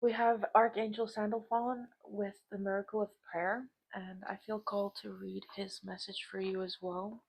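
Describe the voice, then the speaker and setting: A woman giving a spiritual tarot card reading, softly reading out messages and affirmations, moved and emotional at times. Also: medium pitch, level tone, normal speed, gravelly, few pauses, breathy edge, rough recording. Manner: soft, emotional, reads aloud from cards with laughs. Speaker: tarot reader.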